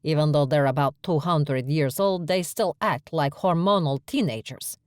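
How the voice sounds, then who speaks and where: A woman voicing a calm, dignified, motherly female cafe owner with a formal way of speaking. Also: sits low, normal speed, dry recording, clean studio sound, close to an everyday voice. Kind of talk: audiobook character voice.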